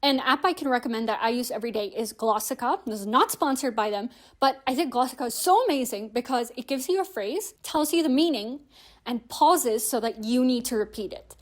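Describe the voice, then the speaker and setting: A woman's voice: fairly high pitch, expressive, brisk. A young woman hosting a language-learning video, explaining tips in a chatty, friendly way with frequent "like" fillers. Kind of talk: casual explanatory vlog.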